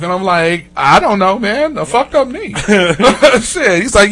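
A man spins a rambling tale in casual conversation. His voice sits high and sounds bright and forward. He swears a lot, laughs through his lines and acts out every character he mentions. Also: measured pace, slightly rough. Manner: animated, profane, laughs often, acts out other voices. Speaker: podcast host telling a story. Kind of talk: casual storytelling chat.

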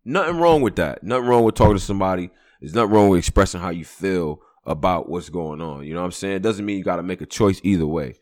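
Man, podcast co-host, emphatic, swears a lot, lively swooping pitch. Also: quick pace, few pauses. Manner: animated, emphatic, swears freely. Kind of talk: casual chat.

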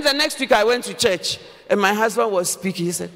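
A woman pastor preaching a sermon at a church service, animated and humorous, often exclaiming to the congregation. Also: mid-range voice, fairly quick, few pauses. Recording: long church hall reverb.

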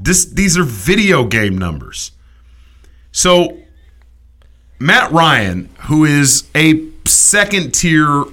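A man hosting a sports talk show, ranting in an animated, emphatic way with quick restarts. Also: medium pitch.

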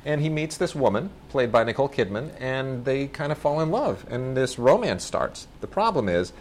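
A man's voice: medium pitch, sing-song, moderate pace, a little hiss or hum. Enthusiastic rambling man reviewing films. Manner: enthusiastic, rambling, often restarts and self-corrects. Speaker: film review co-host. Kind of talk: casual movie review chat.

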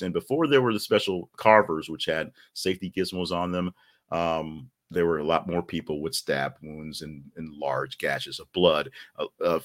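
Man, very low voice, middle-aged, jokey rambling podcast host, whispered asides. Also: a bit bright. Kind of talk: casual solo show chat.

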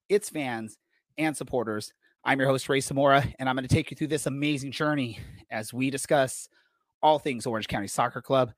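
A man's voice: a little high, no echo. A man hosting a casual sports podcast from home, upbeat and a little out of breath. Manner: upbeat, energetic, restarts often. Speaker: podcast host.

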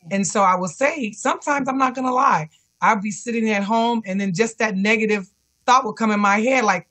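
A woman speaks earnestly over a remote call, with a bright, forceful voice. She tells her story as an interview guest and keeps repeating encouraging words to herself. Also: mid-range voice, fairly quick. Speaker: guest, cancer survivor and fitness instructor. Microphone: remote call connection.

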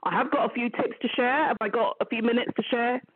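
A woman's voice: a little high, fairly even intonation, fast, husky, dry recording. A woman with a London accent, a business mentor guest, chatting upbeat on a live show over a remote call. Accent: London English. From England. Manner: chatty, upbeat, repeats phrases. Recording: tinny phone-like line.

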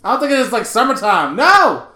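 Guy on a podcast, super lively pitch, bright voice, acts out every quote, echoey room. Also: a little fast. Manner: animated storyteller, acts out quotes, swears, laughs often. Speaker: podcast co-host. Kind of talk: casual comedic chat.

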